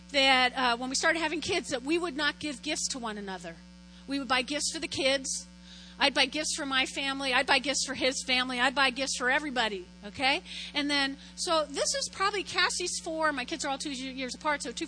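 High, bright-voiced woman pastor. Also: brisk, a little hiss or hum, low-quality recording. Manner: animated, storytelling, keeps checking in with "right?". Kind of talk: conversational sermon.

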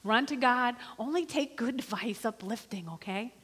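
A middle-aged woman preaching a sermon in an animated, conversational way, often calling for the congregation to respond. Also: on the high side, normal speed, breathy edge. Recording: reverberant hall.

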